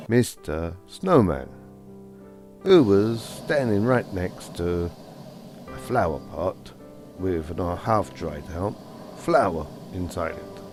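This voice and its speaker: Man telling a meandering comic story, slow, lively pitch, soft music behind. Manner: meandering, repetitive.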